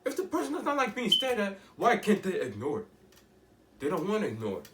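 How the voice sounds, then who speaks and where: A man's voice: high voice, wildly swooping pitch, brisk, reverberant, recorded from a distance, noisy background. A teenage boy talking in a rambling, emphatic way, often restarting and asking rhetorical questions. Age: teens. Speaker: vlogger. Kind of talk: casual monologue to camera.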